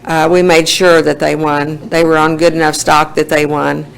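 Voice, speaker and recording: A woman's voice: low-pitched, flat delivery, moderate pace, creaky, clean tone, low-quality recording. A woman in her sixties with an Oklahoma accent, telling her life story in a folksy way at a recovery meeting, laughing often. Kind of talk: personal testimony.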